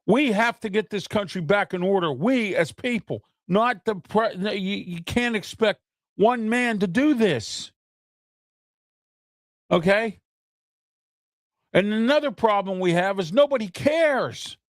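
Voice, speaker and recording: A man's voice: high-pitched, animated, unhurried, no room sound, clean studio sound. A man hosting his own opinion talk show, speaking heatedly and repeating himself, often checking in with "okay?". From United States. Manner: heated, repetitive, keeps asking "okay?".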